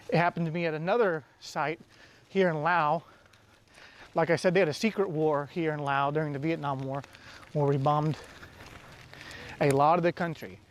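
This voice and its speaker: A man's voice: a little high, slight background noise. A man from the United States talking casually to camera outdoors, rambling and correcting himself, a little out of breath. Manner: rambling, self-correcting, with light laughs. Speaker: travel vlogger. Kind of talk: casual vlog talk.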